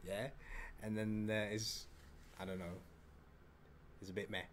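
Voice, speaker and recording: Guy co-hosting a q&a, talks real slow, keeps stumbling over words. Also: on the low side, level tone. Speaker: co-host. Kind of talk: casual Q&A chat.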